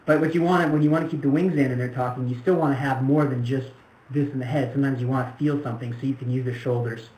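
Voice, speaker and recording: A man's voice: medium pitch, steady tone, fast talker, a little mellow, poor audio. Man explaining an animation critique. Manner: explanatory, demonstrating, talks through ideas with restarts. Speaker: animation mentor. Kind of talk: film critique lesson.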